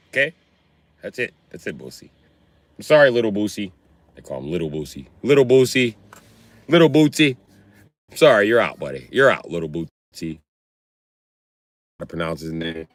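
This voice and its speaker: A man's voice: on the low side, very animated, normal speed, dry recording. A man ranting casually on a livestream, rambling, swearing and laughing often. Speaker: livestream host. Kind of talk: casual comedic rant.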